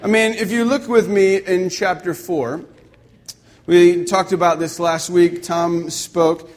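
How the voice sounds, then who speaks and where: A man's voice: high voice, steady tone, slow. A young man, a pastor, preaching a conversational sermon with self-deprecating stories.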